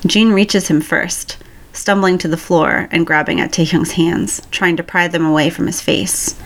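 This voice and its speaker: A woman reading a romance story aloud in a calm, even storytelling voice. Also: lowish voice, moderate pace, gravelly. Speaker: story reader. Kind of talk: reading fan fiction aloud.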